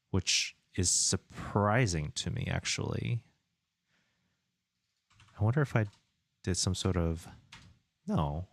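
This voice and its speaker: A man with a deep voice chats unhurriedly on a live stream while he works on his game. He mutters to himself as he tests things and reads viewer messages aloud. The sound is dry and close, with keyboard clicks behind him. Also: dry recording. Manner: relaxed, muttering to himself, reading chat aloud. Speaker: indie game developer streaming. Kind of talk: casual live-stream chat while working.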